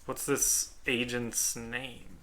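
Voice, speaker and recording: A man playing a character in a tabletop game, asking lively questions in character. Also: medium pitch, drawn-out words. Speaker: player.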